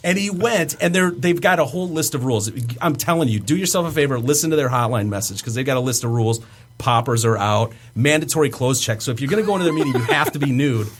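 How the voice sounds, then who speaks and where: A man co-hosting a casual podcast, telling a story in an animated, teasing way. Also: medium pitch, fast. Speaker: radio show co-host.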